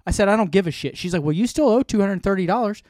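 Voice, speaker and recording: A man with a somewhat high voice co-hosting a casual podcast, cursing freely as he rants. The sound is dry and close, with no room echo. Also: racing. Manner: profane, defiant, animated ranting. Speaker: podcast co-host.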